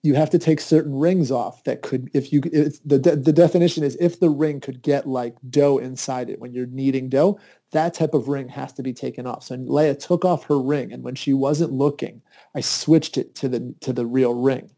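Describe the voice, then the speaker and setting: A man telling a lively personal story in casual conversation, his voice jumping up excitedly when he quotes people. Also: moderate pace. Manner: lively anecdotes with high-pitched, excited quoted asides.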